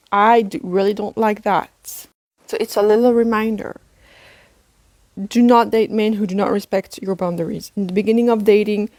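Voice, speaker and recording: A woman's voice: medium pitch, darkish tone, dry recording. Woman giving straight-up dating advice, blunt and direct, dead dry sound. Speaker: social media commentator. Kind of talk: advice video.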